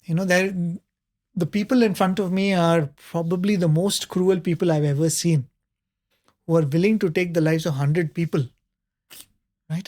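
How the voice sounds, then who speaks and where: A man, a panelist telling a spiritual story in a conversational way, often pausing with fillers and soft laughs. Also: sits high, fairly even intonation.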